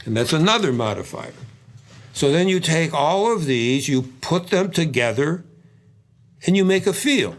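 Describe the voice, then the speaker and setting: An older man teaching drum phrasing, explaining in a relaxed way and scatting the patterns aloud between playing. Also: on the high side, a little slow. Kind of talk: demonstrating drumming.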